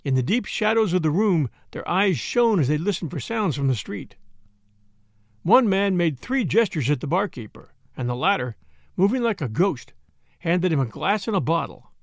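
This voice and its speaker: A man reading a story aloud in an expressive, varied narration. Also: sits high, moderate pace, gravelly, no echo, clean studio sound.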